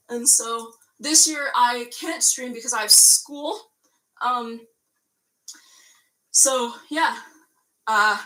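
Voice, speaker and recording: A young adult woman chats casually as a YouTuber into a computer mic, rambling with lots of fillers and restarts. Her voice is fairly high-pitched with a sharp tone.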